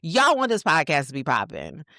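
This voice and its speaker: A woman with a Southern American accent co-hosts a casual podcast, her pitch swinging widely as she talks. She laughs easily and keeps her phrasing loose and colloquial. The sound is close and dry. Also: huge pitch swings, moderate pace, vocal fry, pushed and bright, no room sound. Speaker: podcast co-host.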